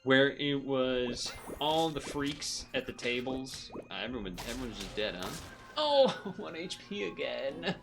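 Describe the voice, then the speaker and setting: A man's voice: medium pitch, big pitch swings, unhurried, creaky, music in the background. A man streaming a game, chatting casually and rambling between moves, often laughing. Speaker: gaming streamer. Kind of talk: casual commentary while playing.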